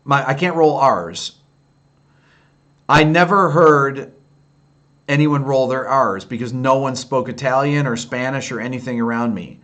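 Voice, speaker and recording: A man's voice: mid-range voice, fairly bright tone. Candid fifty-something man chatting on a livestream. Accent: Upstate New York. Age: 50s. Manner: candid, rambling, answers viewer comments by name. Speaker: livestream host answering chat. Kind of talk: casual late-night livestream chat.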